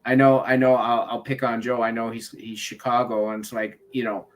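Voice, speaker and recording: A man co-hosting a casual podcast chat, wry and animated as he tells his take. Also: mid-range voice, fairly quick. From Canada. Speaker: podcast co-host.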